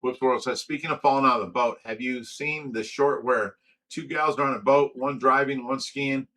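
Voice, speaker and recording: A man's voice: medium pitch, moderate pace, bright, forceful tone, low-quality recording. An older man and grandfather hosting a casual livestream, chatting loosely and reading viewer comments aloud with frequent laughs. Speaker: livestream host.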